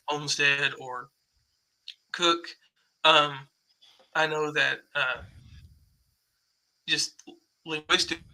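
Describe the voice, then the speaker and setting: A man talking as a student in a live online lesson. His voice is gravelly, very sharp and tense, and flat in pitch. He speaks haltingly, with many pauses and fillers. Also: low-quality recording.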